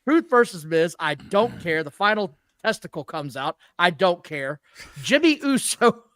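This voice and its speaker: High bright-voiced ranting man. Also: sing-song, measured pace, dry recording, studio quality. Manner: blunt, exasperated rants with profanity. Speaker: podcast co-host reviewing wrestling. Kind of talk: casual chat.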